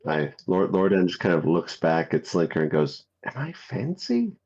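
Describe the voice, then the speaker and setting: Very deep-voiced man playing a tabletop game. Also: steady tone, moderate pace, darkish tone, muffled recording. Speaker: player.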